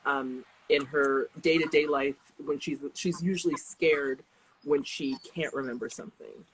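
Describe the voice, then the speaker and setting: A woman's voice: deep voice, steady tone, measured pace, a little hiss or hum, low-quality recording. A young adult woman chatting casually as an author guest, rambling with restarts and laughing often. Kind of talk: casual interview chat.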